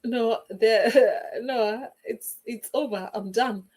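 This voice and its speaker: A woman's voice: on the high side, takes it slowly, darkish tone. A woman speaking as a livestream guest, effusive and emotional, laughing often and using many fillers in casual chat. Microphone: remote streaming call.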